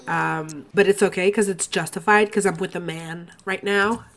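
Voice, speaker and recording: A woman's voice: lowish voice, steady tone, normal speed, fairly bright tone. A congested woman hosting a game playthrough, chatting casually and swearing in exasperation as she plays. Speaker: let's play host. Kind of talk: casual gameplay commentary.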